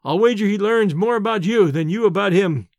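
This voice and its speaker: A man's voice: sits high, fairly quick, darkish tone, no room sound, studio quality. A man reading the part of a friendly, jovial young male acquaintance in an audiobook.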